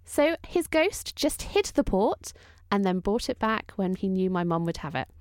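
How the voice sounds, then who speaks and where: A woman co-hosting a podcast, telling a family story in a lively, animated way. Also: mid-range voice, normal speed, dry recording, clean studio sound. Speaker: podcast co-host. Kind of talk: casual chat, storytelling.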